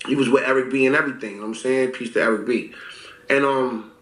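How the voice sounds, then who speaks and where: A man in his forties telling stories in a casual interview, profane and animated, acting out what people said. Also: medium pitch, quick pace. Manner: animated storyteller, profane, acts out quotes. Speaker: rapper guest. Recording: roomy echo.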